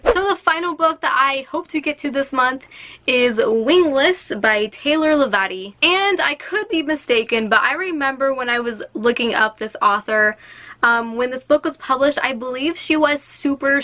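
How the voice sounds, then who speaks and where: A young woman book vlogger chatting excitedly at home and reading book synopses aloud. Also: a little high. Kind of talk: casual vlog.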